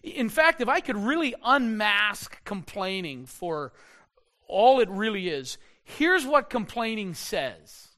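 A middle-aged man preaching a sermon in a high, lively voice. He swings his pitch widely, repeats himself and slows right down to drive a point home. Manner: animated preaching, slows for emphasis, repeats words. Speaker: pastor.

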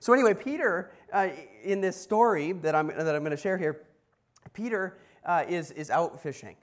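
A man's voice: high voice, lively intonation, normal speed. A man preaching a casual sermon as pastor, telling a story with asides to the congregation. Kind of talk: conversational sermon.

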